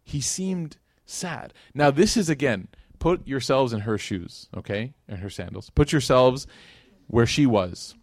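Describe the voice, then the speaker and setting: A man's voice: mid-range voice, lively intonation, a little slow, no room sound, clean studio sound. A man giving a casual religious lecture, telling a story in a conversational way with many fillers and acted-out quotes. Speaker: speaker teaching Islamic history.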